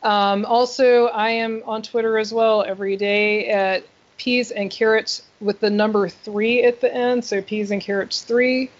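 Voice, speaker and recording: A woman's voice: on the high side, measured pace, hardly any pauses. A woman guest on a podcast, chatting easily with a few ums. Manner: relaxed, with filler ums. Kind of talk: casual chat. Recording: dull lo-fi audio.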